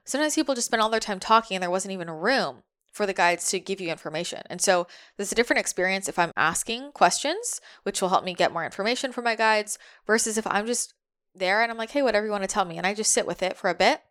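A woman's voice: medium pitch, lively intonation, fast talker, fairly bright tone. A young adult woman speaking casually as a spiritual medium, chatty and full of fillers, passing on what her spirit guides are telling her.

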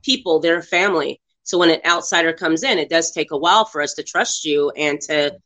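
A speaker with a bright, forward tone chats about a film on a podcast. They ramble with lots of "um" and "you know", and they sound upbeat and keen throughout. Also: mid-range voice, fairly quick. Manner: rambling, many fillers, enthusiastic. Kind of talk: casual film discussion.

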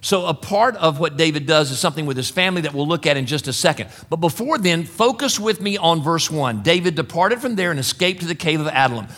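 A man's voice: fairly high pitch, lively intonation, fast, hardly any pauses, fairly bright tone. A middle-aged man preaching a sermon to a congregation, earnest and direct, often calling his listeners "folks". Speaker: pastor.

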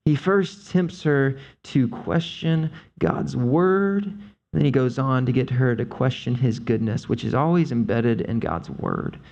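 A man preaching a conversational sermon, speaking with emphatic, drawn-out stresses. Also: mid-range voice, creaky, a little mellow, dull audio. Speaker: pastor.

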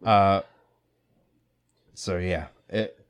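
A man's voice: deep voice, very slow, smooth. Profane, laid-back male podcast host. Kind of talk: casual chat.

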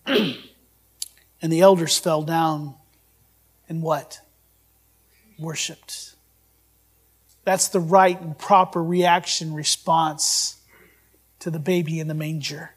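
A man's voice: sits high, steady tone, normal speed. A man preaching a sermon, reading scripture aloud and asking his listeners questions. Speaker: pastor.

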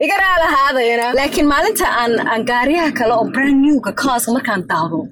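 Casting note: woman co-host, fast and animated, husky from a chest cold, easy laughter. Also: high voice. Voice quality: lively, laughing, switches between two languages. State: sick with bronchitis, husky. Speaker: podcast co-host. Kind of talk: casual chat.

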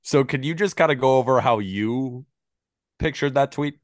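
A man's voice: medium pitch, moderate pace, no echo, studio quality. A man co-hosting a casual sports podcast, ranting heatedly and swearing freely. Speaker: podcast co-host.

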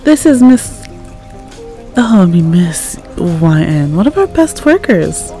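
A woman voicing a brisk, upbeat female office boss who hurries and corrects herself. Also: fairly low pitch, sing-song, faint music behind, full character voice. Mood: bright, flustered. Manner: bright, hurried, corrects herself mid-sentence.

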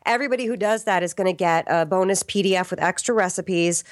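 A woman guesting on a podcast as a cookbook author, chatting in a lively, animated way and laughing easily. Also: on the low side, quick pace, no echo, studio quality. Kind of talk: casual podcast interview.

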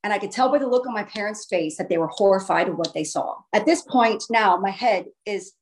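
A woman's voice: medium pitch, fairly quick, a little hiss or hum. A woman telling her own story in a casual, earnest way, often restarting her phrases for emphasis. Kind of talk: casual first-person storytelling.

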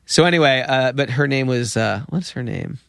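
A man in his fifties, a podcast guest, telling an anecdote with lively acted-out quotes. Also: medium pitch, normal speed, vocal fry, no echo. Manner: lively storyteller acting out quoted voices. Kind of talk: anecdotal storytelling.

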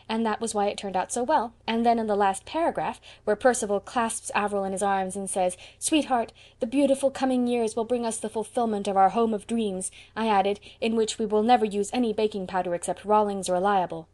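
A woman's voice: mid-range voice, steady tone, fairly quick, hardly any pauses, a little mellow, close to an everyday voice. A woman reading as a bubbly chatty young friend. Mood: cheerful.

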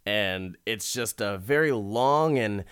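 A man in a casual podcast recap, swearing freely and laughing as he jumps into silly voices for the people in his story. His voice sits low and comes across smooth and clear. The sound is dry and close, with no room around it. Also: expressive, takes it slowly, fairly bright tone, dry recording. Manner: profane, laughing, acts out characters' lines. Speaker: podcast host recapping a TV episode.

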